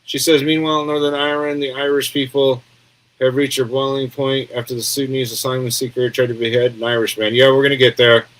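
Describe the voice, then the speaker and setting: An American man in a casual home live stream, riffing on the news with a rambling, sarcastic edge. His voice sits at an ordinary middle pitch, and he often stops to read out viewer comments. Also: level tone, fast, a bit bright, poor audio. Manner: rambling, sarcastic, reads chat comments aloud.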